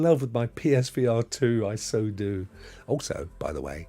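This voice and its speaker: Chatty, husky-voiced middle-aged man. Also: lowish voice, sing-song, normal speed. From England. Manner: chatty and rambling, with laughs and drops into a soft whisper. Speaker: gaming news livestream host. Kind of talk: casual livestream chat reading viewer comments.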